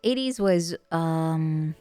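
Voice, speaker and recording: A woman's voice: deep voice, animated, very slow, warm tone, clean tone, dry recording, faint music behind. A woman streamer chatting casually, rambling and joking and often breaking into laughter. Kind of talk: casual chat.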